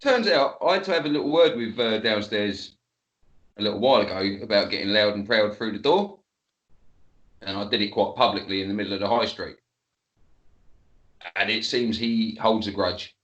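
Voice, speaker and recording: A man's voice: fairly low pitch, normal speed, long pauses, fairly bright tone, reverberant, dull audio. A man, telling a story as a guest in casual chat, laughing often and swearing freely.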